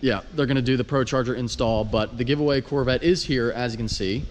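A man's voice: medium pitch, steady tone, fast talker, roomy sound. A man in his twenties, a car vlogger in casual vlog talk, loose and joking, who swears freely. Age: 20s.

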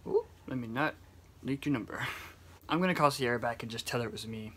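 A man's voice: medium pitch, a little fast, a bit bright, husky. A young man making casual, giggly phone calls for a video, laughing often and gushing with affection. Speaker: YouTuber making prank calls.

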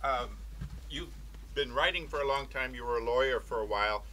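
Bright-voiced man asking a question. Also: medium pitch, a little hiss or hum. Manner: hesitant, halting question. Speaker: audience member asking a question.

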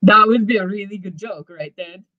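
Give me a woman playing a smitten young rocker who teases the guy he likes, rambling in a soft, coy voice with a vague European accent. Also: medium pitch, moderate pace, noisy background, lightly acted. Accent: put-on vague European accent. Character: teasing young male musician, coy and smitten. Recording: dull lo-fi podcast mic.

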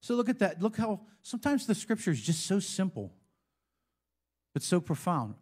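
Man, high voice, pastor, preaching a sermon, conversational, call-and-response asides. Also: sing-song, normal speed, darkish tone, breathy edge.

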